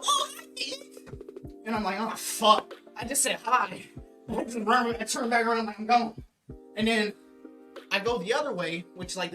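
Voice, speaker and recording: Young man telling a slangy story, far from the mic. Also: sits high. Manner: animated slangy storytelling full of swearing. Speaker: vlogger. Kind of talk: casual storytime. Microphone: poorly placed mic. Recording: distant mic with faint background music.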